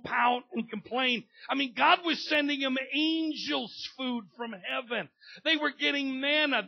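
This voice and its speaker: A man preaching a sermon with a gravelly, husky voice, swinging from low talk up to loud shouting. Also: lo-fi sound. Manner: builds from low talk to loud shouting, acts out family members. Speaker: pastor.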